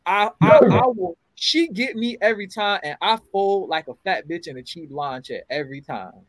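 A man co-hosting a podcast, telling animated, profane stories in casual chat. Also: sits high, normal speed, over a noisy crowd, poor audio. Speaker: podcast co-host.

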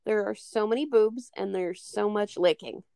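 A woman co-hosting a podcast in casual chat, animated and swearing freely, often acting out scenes. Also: mid-range voice, moderate pace, gravelly, no room sound, clean studio sound. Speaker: podcast co-host.

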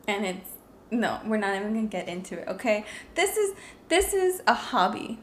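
A woman's voice: medium pitch, very animated, moderate pace. A woman with a Californian accent, co-hosting a casual podcast chat in a giggly, self-deprecating way on a shared microphone. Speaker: podcast co-host. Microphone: single shared microphone. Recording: echoey room, faint background noise.

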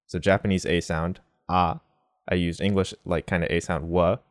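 A man with a very deep voice talks through a relaxed language lesson. He explains step by step with examples, mixing in Japanese words. The sound is dry and close. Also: brisk, no room sound. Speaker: language teacher.

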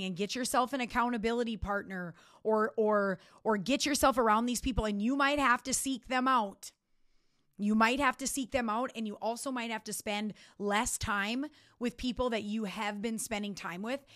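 A woman with a slightly high voice hosts a motivational podcast. She talks with energy and drives each point home by repeating it with emphasis. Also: moderate pace, fairly bright tone. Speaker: podcast host.

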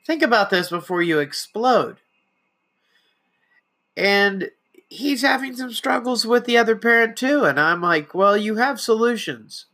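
A woman's voice: on the high side, expressive, a little slow, pauses often, fairly bright tone. A middle-aged trans woman hosting a solo podcast, talking in a conversational, reflective way about parenting and often acting out quotes. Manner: conversational, reflective, with frequent restarts and acted-out quotes. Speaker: podcast host.

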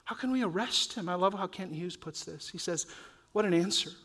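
Male pastor, high voice, earnest and urging, rises and drops between loud and soft. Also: fairly quick. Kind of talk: sermon.

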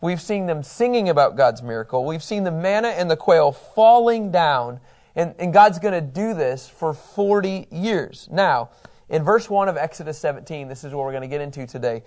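A man's voice: on the high side, animated, normal speed, a little mellow. A man teaching a Bible study in a conversational, enthusiastic way, acting out quotes.

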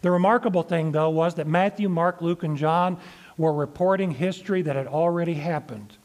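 A man preaching a sermon, reading scripture aloud and explaining it in a measured way, slowing down to stress the verses. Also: a little high, a little mellow. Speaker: pastor.

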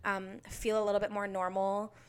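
A woman's voice: medium pitch, flat delivery, normal speed, clean tone. A young woman hosting a podcast, chatting casually and bubbly, with lots of fillers. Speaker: podcast host. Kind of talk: casual solo chat.

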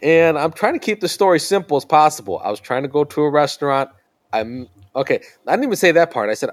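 A man in his thirties, a podcast guest, telling a family anecdote in casual chat, animated and often laughing. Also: a little high, quick pace.

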